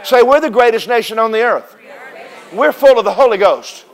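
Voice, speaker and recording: Male preacher, high pitch, animated sermon delivery with call-and-response. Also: moderate pace, a faint crowd. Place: church service with congregation responding.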